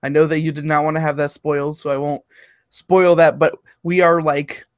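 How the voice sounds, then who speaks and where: A man's voice: on the high side, level tone, normal speed, clear, resonant tone, no echo. A man co-hosting a casual gaming podcast, laid-back with dry teasing. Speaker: podcast co-host.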